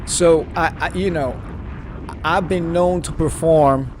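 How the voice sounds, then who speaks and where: A man's voice: fairly high pitch, fairly even intonation, slow, noisy background. A man from New City, chatting casually on a live stream and answering viewers. He talks in a theatrical way and repeats phrases for emphasis. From New York City.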